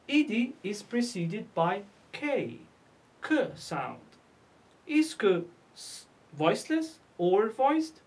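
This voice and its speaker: A woman teaching English pronunciation, asking and answering her own questions and repeating each word. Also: mid-range voice. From North Africa. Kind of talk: slow classroom lesson.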